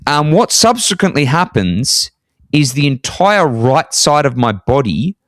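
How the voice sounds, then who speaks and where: A man spinning a story to his co-host in casual podcast talk. He gets animated and leaps into a high voice to stress a point. The sound is dry and close. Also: measured pace, no room sound. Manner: animated, jumps high in pitch for emphasis. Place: apartment in Scotland.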